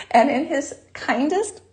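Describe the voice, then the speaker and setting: A woman hosting a live jewelry-making class, chatty and bubbly, greeting viewers by name, with a naturally high voice. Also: a little mellow. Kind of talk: live online craft demonstration.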